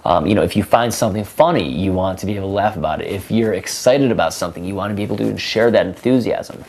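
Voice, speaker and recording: Low-voiced animated male dating coach. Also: quick pace, creaky. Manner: animated, acts out example lines with big pitch jumps; many fillers like um and you know. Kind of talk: casual instructional talk.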